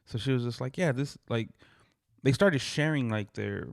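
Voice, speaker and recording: A man's voice: mid-range voice, expressive, normal speed, gravelly, no echo, clean studio sound. Laid-back rambling man co-hosting a podcast. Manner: rambling, swears freely, heavy use of "like". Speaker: podcast co-host. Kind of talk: casual chat.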